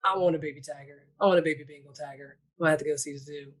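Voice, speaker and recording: A woman's voice: deep voice, fairly even intonation, racing, poor audio. A woman correspondent giving a comic news report with sassy, joking asides.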